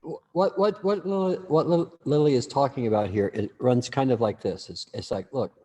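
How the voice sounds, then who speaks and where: A man's voice: medium pitch, moderate pace, mellow, slightly rough, big-room sound. A man teaching a class in a casual, rambling way, full of restarts and asides.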